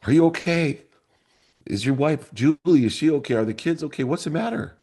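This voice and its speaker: A man's voice: fairly high pitch, brisk, mellow, voice pushed up, close to an everyday voice. Man putting on a worried, loving older mother. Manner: anxious, caring questions.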